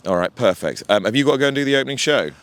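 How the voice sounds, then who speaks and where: A man hosting a racing podcast outdoors at the course, bantering quickly and stumbling over his words. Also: medium pitch, expressive, a bit bright. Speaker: podcast host. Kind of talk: casual chat. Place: outdoors at a racecourse.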